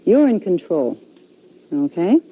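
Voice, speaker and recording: A woman's voice: fairly low pitch, very animated, slow pace, breathy edge, narrow, tinny audio. A woman language teacher giving patient classroom instructions, repeating herself often and checking in with "okay".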